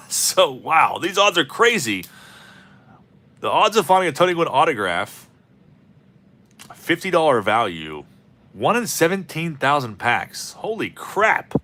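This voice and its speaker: A man's voice: fairly high pitch, big pitch swings, takes it slowly, pauses often, pushed and bright. A man hosting a card-opening video, rambling and joking as he calls out player names. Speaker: host of a card-opening channel. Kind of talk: casual commentary while opening packs.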